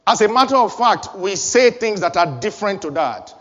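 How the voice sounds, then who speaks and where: A man with a high voice preaches a sermon, pressing his points through repeated, rising phrases. His voice rings in a long hall reverb with a dull, muffled tone. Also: sing-song, normal speed, fairly bright tone. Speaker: pastor.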